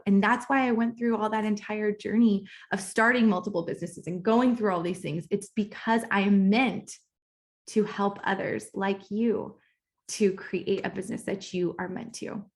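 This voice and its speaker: A woman in her thirties speaks as a business coach, telling her own story for a recorded course lesson. Her talk is candid and conversational, with restarts and fillers. She grows emotional and emphatic as she gets to her sense of purpose. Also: mid-range voice. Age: 30s. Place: at home, kitchen nearby.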